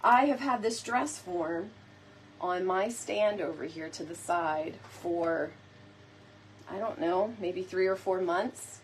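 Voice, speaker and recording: A woman's voice: lowish voice, slow pace, a little hiss or hum. A woman hosting a casual live crafting chat, playful and talking straight to her viewers. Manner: chatty, playful, addresses viewers often. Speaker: DIY decor host.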